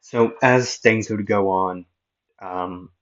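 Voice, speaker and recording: A man's voice: fairly low pitch, slow, a bit bright, muffled recording. A man casually narrating a fan-made anime what-if story with rambling, self-mocking asides.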